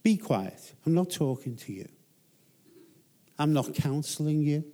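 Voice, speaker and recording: A man's voice: fairly high pitch, expressive, unhurried, mellow, pitched above the performer's own voice. A man voicing Jesus giving short, firm commands to demons. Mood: stern.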